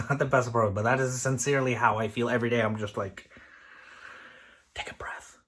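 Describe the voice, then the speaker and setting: A man in his thirties talks straight to camera in a casual vlog about kitchen work. He is candid and rambling, often restarting sentences mid-thought. His voice sits at an ordinary middle pitch. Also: steady tone, very fast, fairly bright tone. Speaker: line cook and kitchen lead.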